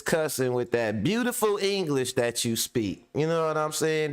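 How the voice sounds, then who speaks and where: A man's voice: medium pitch, very animated, a little slow, few pauses, clear, resonant tone. A middle-aged man hosting a show, chatting casually to his audience in a laid-back, slangy way, laughing often and repeating "you know what I'm saying". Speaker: show host. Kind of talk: casual monologue to a live audience.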